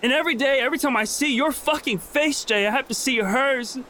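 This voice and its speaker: A man voicing a furious, grieving woman ship captain who shouts raw and bitter, with faint hiss behind. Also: very high-pitched, a little fast, pitched above the performer's own voice. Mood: furious, anguished.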